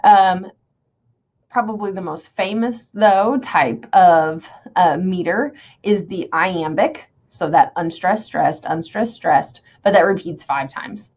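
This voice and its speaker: A woman teacher walks through a lesson, explaining each step and checking in with "okay?" as she goes. She reads lines of verse slowly, sounding out each beat. The audio is dull and lo-fi. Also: lowish voice, a little mellow. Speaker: English teacher. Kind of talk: recorded online lecture.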